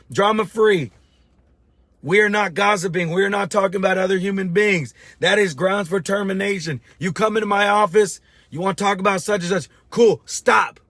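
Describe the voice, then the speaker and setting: A middle-aged man rants as a business coach, blunt and fired-up, swearing freely. His voice sits a little high for a man. The sound is close and dry, with no room around it. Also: fairly bright tone, no room sound. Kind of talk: blunt motivational rant to camera.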